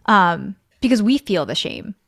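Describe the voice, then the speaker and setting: A woman's voice: medium pitch, very animated, measured pace, creaky, fairly bright tone, no echo, studio quality. A woman in her thirties, a ministry director, talking thoughtfully and teasingly in a casual conversation. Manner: thoughtful, then laughing and teasing.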